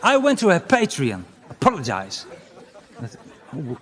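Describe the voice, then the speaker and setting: A man's voice: a little high, wildly swooping pitch, measured pace, long pauses, fairly bright tone, some chatter behind. A man from the Netherlands, delivering a bawdy, self-mocking stand-up monologue as a conference speaker.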